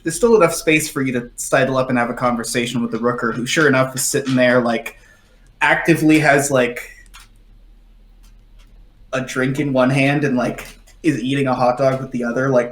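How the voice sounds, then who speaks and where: A man's voice: mid-range voice, fairly bright tone, reverberant. A young man narrating a tabletop game as game master, in a loose way with many fillers.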